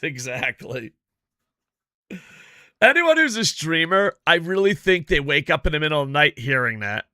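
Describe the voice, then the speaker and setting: A man's voice: fairly high pitch, sing-song, moderate pace, sharp tone, dry recording, studio quality. A man streaming a football game, chatting casually with lots of swearing and grumbling about his stream tech. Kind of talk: casual gameplay chat.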